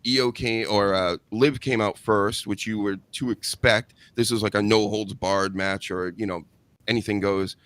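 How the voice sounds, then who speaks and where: A man's voice: on the low side, fairly even intonation, moderate pace, a bit bright, no echo. Blunt, sarcastic man hosting a podcast. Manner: blunt, sarcastic, swears casually. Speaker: podcast host. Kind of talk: casual chat.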